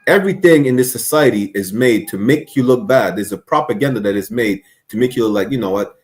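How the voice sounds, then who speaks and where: A man's voice: mid-range voice, brisk, darkish tone. A man speaking on an online stream discussion, earnest and rambling, with many restarts.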